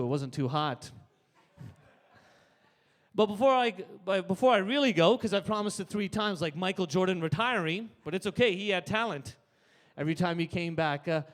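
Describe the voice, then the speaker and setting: Canadian man, stand-up comic, high-pitched, punchy, reverberant club stage. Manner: punchy, tags jokes with "right?". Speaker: stand-up comedian. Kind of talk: stand-up set. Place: live comedy stage.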